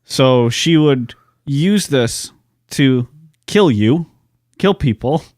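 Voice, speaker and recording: A man with an ordinary mid-range pitch co-hosts a casual podcast. He tells a dark history story in a loose, profane, joking way. The recording is dry and close. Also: animated, drawn-out words, dry recording. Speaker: podcast co-host.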